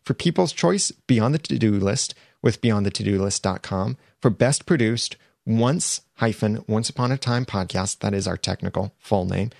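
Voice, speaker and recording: A male podcast host with a slightly low, gravelly voice, recorded close and dry on a studio microphone. He speaks in an earnest, upbeat way and talks straight to his listeners as he works through a list of tips. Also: moderate pace, hardly any pauses, darkish tone, no echo. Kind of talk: solo podcast monologue giving tips.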